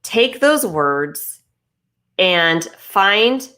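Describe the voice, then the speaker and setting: A woman's voice: mid-range voice, very animated, drawn-out words, sharp tone. Emphatic woman giving a business pep talk. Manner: emphatic, repetitive, coaching tone with fillers and restarts. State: talking with ice in her mouth briefly. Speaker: business coach. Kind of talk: motivational talk to camera.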